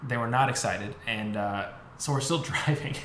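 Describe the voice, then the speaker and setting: A man's voice: medium pitch, normal speed. Swearing young man telling a story. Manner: animated storyteller, swears often, mimics voices. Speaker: podcast co-host. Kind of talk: casual chat. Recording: roomy room with faint noise.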